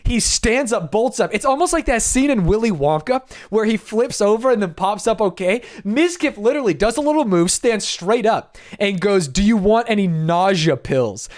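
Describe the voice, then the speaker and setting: A young man, a streamer, telling a story in an animated, self-mocking way while reacting to a video, with plenty of swearing. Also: high voice, moderate pace, few pauses.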